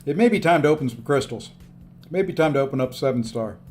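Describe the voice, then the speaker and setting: A man with a fairly high voice chats casually through a live game stream, upbeat and a little tired as he thanks viewers by name. Faint game music plays quietly behind him. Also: expressive, fast talker.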